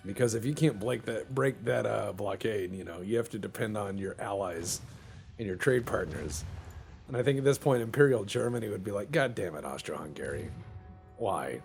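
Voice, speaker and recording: A man's voice: on the low side, vocal fry, a little mellow. A man casually commenting on a naval strategy game he is playing, joking and sarcastic, now and then doing silly little voices. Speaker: gameplay commentator. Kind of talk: casual let's-play commentary.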